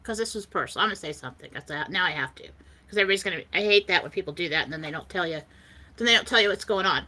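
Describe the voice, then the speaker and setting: Lively, bright-voiced woman telling a story. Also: lowish voice, very fast. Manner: animated, laughs often while telling a story. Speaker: co-host. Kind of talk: casual storytelling chat.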